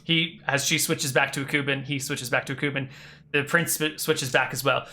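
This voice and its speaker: Game master, mid pitch, bright voice, casual narration with asides, faint room hiss. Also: steady tone. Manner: casual, quick asides with fillers.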